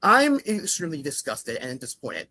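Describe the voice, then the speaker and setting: Bright-voiced angry man. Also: a little high, wildly swooping pitch, moderate pace. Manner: angry, repeats himself, swears a lot. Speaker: guest. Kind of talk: heated argument.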